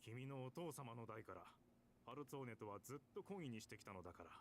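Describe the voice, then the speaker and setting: A man voicing a calm, courteous older gentleman in a video game, reassuring and polite. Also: mid-range voice, racing, noisy background, natural voice.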